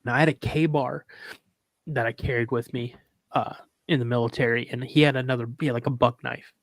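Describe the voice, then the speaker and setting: A man's voice: mid-range voice, steady tone, a little fast, no echo, studio quality. A man, a podcast guest, telling a story casually and animatedly, acting out quoted dialogue in a raised voice and at moments fighting back tears.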